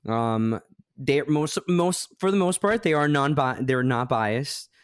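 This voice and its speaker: A woman journalist co-hosting a podcast, measured and a little hesitant. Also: extremely low pitch, clear, resonant tone, no room sound, clean studio sound. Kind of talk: casual chat.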